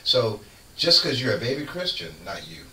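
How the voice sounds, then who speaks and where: A man who is a guest on a radio show, preaching in casual chat with fervent, lively storytelling. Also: mid-range voice, normal speed. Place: radio studio. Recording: echoey room, far from mic, faint noise.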